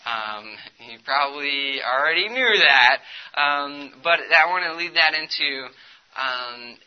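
A man's voice: fairly high pitch, expressive, takes it slowly, clean tone, muffled recording. A young man giving a casual, chatty talk to students, telling a story with lots of fillers. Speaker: speaker at a student ministry talk.

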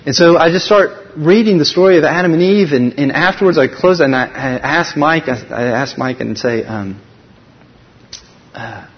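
A man speaking at a conference, telling a personal faith story with lively acted dialogue and frequent restarts. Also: on the high side, moderate pace. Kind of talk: personal testimony talk. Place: large conference hall. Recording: dull recording in a reverberant hall.

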